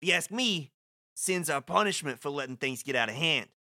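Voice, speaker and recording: A man's voice: a little high, expressive, a little fast, sharp tone, no echo, clean studio sound, exaggerated voice. A man reading aloud as an easygoing male island ball-team coach, in a folksy, chatty way, sometimes putting on a New York accent. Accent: New York put-on. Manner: laid-back, folksy, chatty. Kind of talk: casual script read-aloud.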